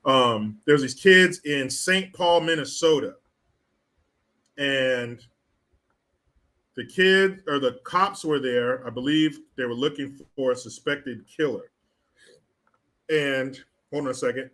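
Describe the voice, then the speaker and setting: A man's voice: mid-range voice, slow, long pauses, pushed and bright. A man hosting a live stream, mocking and profane in casual commentary as he reads out viewer chat.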